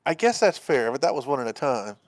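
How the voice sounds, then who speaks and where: A man's voice: medium pitch, fairly quick, no room sound. A man playing a courtroom game with a friend, joking and reading the lines aloud in casual chat. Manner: joking, animated. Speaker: let's play voice actor. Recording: music in background.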